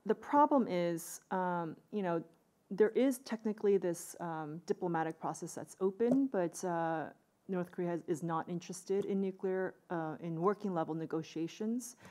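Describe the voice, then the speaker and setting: A woman's voice: lowish voice, mellow. A woman giving an analytical conference panel talk, thinking aloud with many fillers and restarts.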